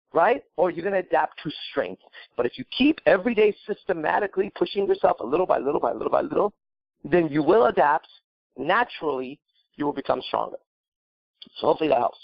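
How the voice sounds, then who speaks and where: A man co-hosting a call-in podcast, telling a profane, animated story and giving dating advice. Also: fairly high pitch, fairly quick, vocal fry, dry recording, highs cut off.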